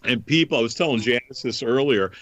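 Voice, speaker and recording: Bright, laughing talk host. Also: male voice, mid-range voice, fast, no echo. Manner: enthusiastic storyteller, laughs often. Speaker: podcast host. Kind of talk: casual chat.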